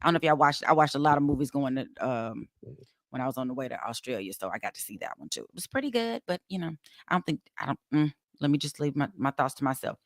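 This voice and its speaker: A woman's voice: a bass voice, animated, fast talker, dry recording, clean studio sound. A woman co-hosting a casual talk show, chatty and playful. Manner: chatty, playful, sings snippets. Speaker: co-host reading birthdays. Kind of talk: casual sports talk banter.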